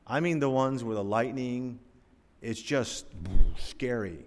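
A pastor from Florida with a mid-range voice speaks slowly in a church sanctuary, sharing a personal story in a folksy, conversational style. He addresses the congregation directly, and the church hall adds a long reverb.

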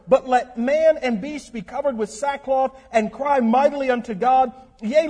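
A man preaching a sermon as a guest speaker, animated and acting out grumbling churchgoers. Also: high-pitched, breathy edge. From North Carolina.

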